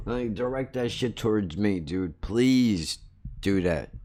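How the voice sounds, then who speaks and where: A man's voice: lowish voice, animated, slow pace, warm tone. A man hosting a podcast, telling a story in a blunt, heavily profane, casual comedic way and mocking himself as he goes. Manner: self-mocking, laughs at his own jokes. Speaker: podcast host.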